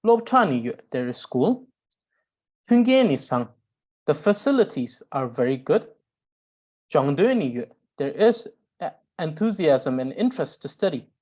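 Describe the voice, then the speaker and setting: A woman teaching a grammar lesson, explaining carefully and often pausing with "uh" to restart a phrase. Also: deep voice, very animated, a little mellow, husky. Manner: explains slowly with frequent "uh" pauses and restarts; reads out example sentences. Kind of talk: recorded language lesson.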